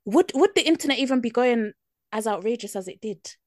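A young woman co-hosting a podcast, agreeable and quick to laugh. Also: a little high, expressive, darkish tone, no echo, clean studio sound. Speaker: podcast co-host. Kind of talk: casual chat.

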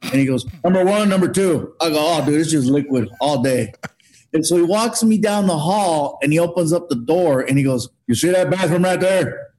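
Guy telling a wild funny story, voice a bit on the high side, really acting it out. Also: moderate pace. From Mexican heritage. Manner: animated storyteller acting out quotes. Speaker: guest comedian. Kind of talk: storytelling on a podcast.

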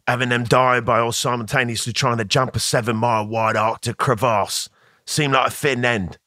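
Guy doing a rough english tough guy, swears a ton, bright edge, dry mic. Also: mid-range voice, no echo, lightly acted. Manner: curt, swears a lot. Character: tough-guy English action star, gruff, touchy man.

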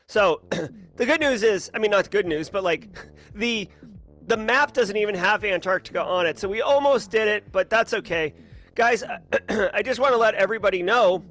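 Brief: upbeat male stream host with a high, bright voice, sing-song shout-outs, music under him. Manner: energetic, shouting out viewers, playful sing-song. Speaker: livestream host. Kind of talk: casual live-stream chat.

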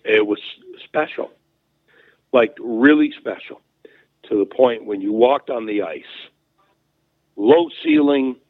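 Man, former hockey player, low voice, slow rambling storytelling, tinny phone-line sound. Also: no echo. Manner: rambling, many fillers and restarts. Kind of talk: casual storytelling.

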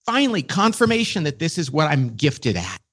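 A middle-aged man as a podcast guest, telling a story with quick, enthusiastic energy. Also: fairly high pitch, huge pitch swings, fairly bright tone, slightly rough. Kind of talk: casual conversation.

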